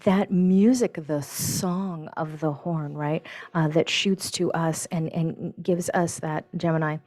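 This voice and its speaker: Woman doing a zodiac forecast, kinda low voice, slows down dramatic and drops to breathy whispers, keeps saying right and honey. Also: fairly even intonation, darkish tone. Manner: dramatic, sensual emphasis with drawn-out words; fillers and restarts, chatty "right?" and "honey". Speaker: astrology forecaster. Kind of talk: spiritual forecast monologue.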